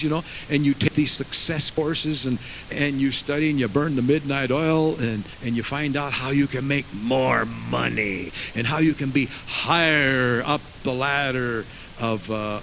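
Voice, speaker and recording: Male pastor, fervent church sermon with asides, mid-pitched, faint hiss. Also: a bit bright, rough recording. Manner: fervent preaching, many asides and restarts. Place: church sanctuary.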